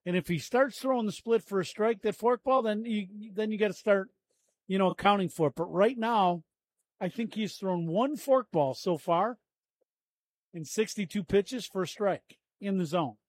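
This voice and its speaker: A man giving relaxed, chatty baseball color commentary from a ballpark booth, breaking down the pitches. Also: normal speed.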